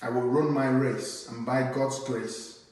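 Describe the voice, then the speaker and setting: A man performing rhyming spoken word poetry with a steady, earnest cadence. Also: mid-range voice, slow pace. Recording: very echoey room, mic at a distance.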